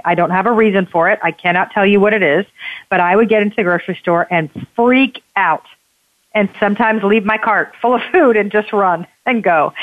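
A woman guest, a bodyworker and author, telling personal stories in a candid, expressive and emphatic way. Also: mid-range voice, no room sound. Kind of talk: candid conversational storytelling. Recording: tinny phone line.

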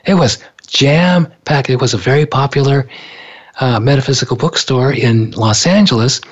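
A man's voice: mid-range voice, normal speed, slightly rough, lo-fi sound. A male author telling a personal story in conversation, earnest, and often repeating words as he recalls events. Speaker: author and speaker.

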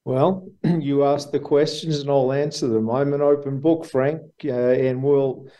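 Aussie guy in his sixties, flat steady voice, halting and easygoing. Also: medium pitch, dull audio. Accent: Australian. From Australia. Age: 60s. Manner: easygoing, halting, many restarts. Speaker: guest, banking marketer. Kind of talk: casual interview answers.

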